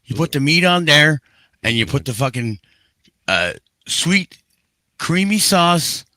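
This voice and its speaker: A man's voice: fairly high pitch, very animated, slow, pushed and bright, no room sound. Swearing man with a hammed-up Canadian accent. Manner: exaggerated Canadian slang, heavy swearing. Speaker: guest on a live stream. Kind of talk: casual chat.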